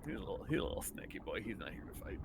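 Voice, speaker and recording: A man's voice: low-pitched, sing-song, rapid-fire, very noisy. A man playing a tabletop game, talking casually and hesitantly as he decides what his character does. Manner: hesitant, with fillers and quiet asides. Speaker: player.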